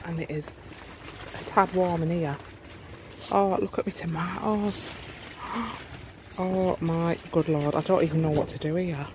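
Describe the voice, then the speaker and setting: A home gardener, chatting casually through a vlog walkthrough inside a warm polytunnel, with frequent amazed exclamations. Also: medium pitch, normal speed, background noise.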